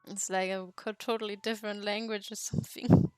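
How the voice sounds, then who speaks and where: A woman's voice: medium pitch, level tone, brisk, darkish tone, smooth, dry recording, faint music behind. Young woman, giggly casual streamer. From Germany. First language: German. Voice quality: laughs often, swears freely, rambling. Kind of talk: casual chat while drawing.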